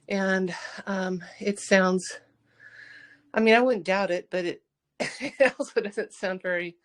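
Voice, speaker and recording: A woman's voice: fairly low pitch, fairly bright tone. A woman calling in on her phone's speaker, out of breath from a walk, chatty and laughing easily. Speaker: caller.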